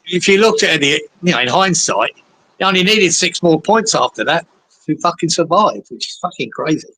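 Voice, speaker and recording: A man with a bright, fairly high voice, giving blunt football opinions in a casual fan chat. He swears freely and talks matey. A faint hiss sits behind him. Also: animated, moderate pace, low-quality recording. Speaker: podcast co-host.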